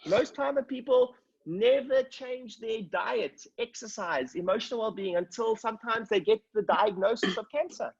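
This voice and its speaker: A man's voice: sits high, creaky, breathy edge, highs cut off. A man coaching a group over a call, telling stories with energy and checking in with his listeners. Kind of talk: motivational talk on a group call. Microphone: video call.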